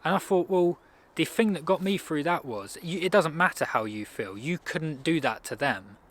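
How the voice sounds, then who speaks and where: A man's voice: on the high side, moderate pace, a bit bright. A man giving a casual self-improvement talk in a loose, rambling way, often restarting his sentences. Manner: rambling, conversational, frequent restarts.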